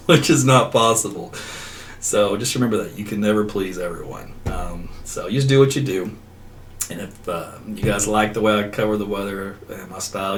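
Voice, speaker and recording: Rambling male weather host, a bit distant. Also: on the low side. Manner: rambling, goes off on tangents, laughs often. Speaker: meteorologist host. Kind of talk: casual livestream chat. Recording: slightly distant mic with faint background noise.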